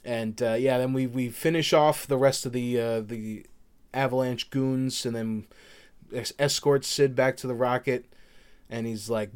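A man's voice: medium pitch, steady tone, clear, resonant tone. A man co-hosting a podcast, chatting casually and rambling through a game's story with lots of fillers. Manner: rambling, many fillers, quotes characters in quick voices. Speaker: podcast co-host. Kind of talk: casual chat recapping a game.

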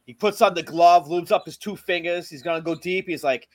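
A man co-hosting a podcast, joking crudely and laughing along. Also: high voice. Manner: joking, profane, quick to laugh. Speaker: podcast co-host. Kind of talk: crude casual chat.

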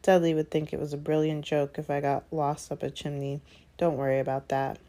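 A nervous, stammering boy of twelve, unsure of himself, voiced by a woman reading aloud. His lines come in a low, mellow voice, hesitant and a little halting, as in a storybook read aloud. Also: flat delivery, natural voice. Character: nervous twelve-year-old boy wizard.

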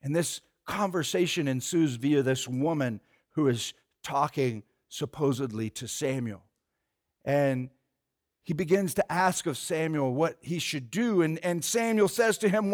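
High-voiced male preacher telling a story. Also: measured pace. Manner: animated storytelling with fillers. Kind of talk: sermon, retelling a story.

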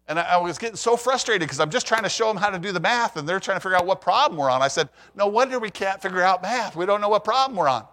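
An older man delivers a conversational sermon and keeps asking his listeners questions. He tells stories and acts out the lines of the people in them. His voice sits a little high. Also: fast talker, fairly bright tone. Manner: storytelling, acts out quoted voices; conversational, asks the audience questions. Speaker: preacher.

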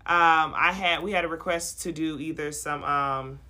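A young woman hosting a casual podcast, talking in a lively, slangy way and laughing often. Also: low voice, normal speed. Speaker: podcast host. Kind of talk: casual podcast chat with freestyle rapping.

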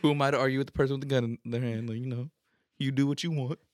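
A man's voice: medium pitch, very fast, no echo, studio quality. A young man chatting casually, telling stories with lots of acted-out quotes and casual swearing. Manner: animated storyteller, acts out quotes, swears casually. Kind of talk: casual chat.

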